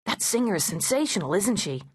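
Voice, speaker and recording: A woman's voice: medium pitch, very animated, brisk, breathy edge, dry recording, clean studio sound. A woman voicing a brash, self-assured male agent who speaks in a pushy, boastful way.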